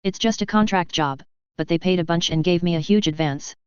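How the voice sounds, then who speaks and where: Lady doing a super excited naive alien guy, smooth voice, kinda dull audio. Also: fairly low pitch, fairly quick, dry recording, lightly acted. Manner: excited, bubbly. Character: eager naive young male alien office worker.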